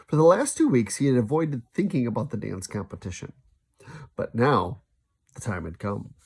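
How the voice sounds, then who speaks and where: A man reading a children's novel aloud, lively, now and then stumbling and restarting a sentence. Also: mid-range voice, moderate pace, vocal fry, breathy edge. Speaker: storybook reader.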